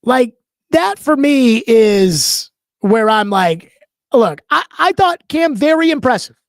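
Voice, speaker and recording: A man's voice: extremely high pitch, lively intonation, takes it slowly, dry recording. A man hosting a sports talk show, giving opinionated commentary in an emphatic, conversational way and stretching out key words.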